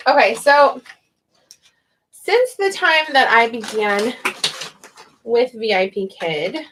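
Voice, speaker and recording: A woman's voice: a little high, lively intonation, slow pace, background noise. A young woman, an online English teacher, chatting casually on a livestream and thinking aloud with frequent laughs.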